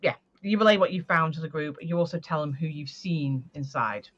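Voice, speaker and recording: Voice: medium pitch, fairly quick, a bit bright, dull audio. A speaker with a British accent running a tabletop game as game master, talking in a rambling way with lots of fillers.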